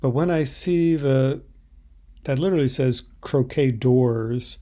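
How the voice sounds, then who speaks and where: A man teaching Italian, explaining subtitle translations in a halting, thoughtful way. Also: mid-range voice, mellow.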